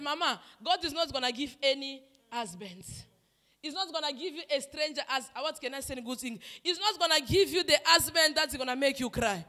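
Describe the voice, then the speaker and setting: A woman, a prophetess delivering personal prophecy in an impassioned, emphatic way that swings between loud declarations and soft asides. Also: high-pitched. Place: church hall. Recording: long reverb in a hall.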